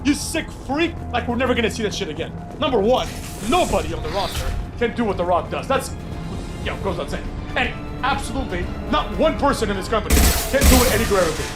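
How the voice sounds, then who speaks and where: Profane high-voiced man ranting. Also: animated, quick pace, loud music behind the voice. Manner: profane, rambling, many "right?" tag questions. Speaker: streamer. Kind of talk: casual ranting commentary.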